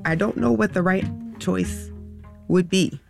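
A woman candidly recounting a personal story in an interview, halting and reflective, with many pauses and fillers. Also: lowish voice, gravelly, over loud music.

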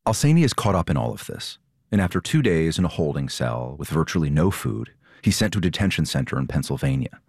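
Deep-voiced male reporter narrating. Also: very animated, quick pace, darkish tone, breathy edge, no room sound, clean studio sound. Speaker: reporter and host. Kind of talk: scripted narration and interviewing.

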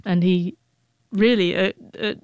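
Woman in her forties, stutters with sound blocks, smooth resonant voice, dry close sound. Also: mid-range voice, fairly even intonation, unhurried, darkish tone, no echo. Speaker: guest, author. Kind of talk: emotional personal recollection.

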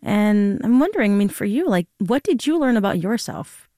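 A woman's voice: medium pitch, big pitch swings, dark tone, no echo. A woman hosting a morning radio show, friendly and conversational, speaking into a studio microphone. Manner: friendly, conversational, quick to laugh. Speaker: radio news host. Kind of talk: live radio hosting and interviewing.

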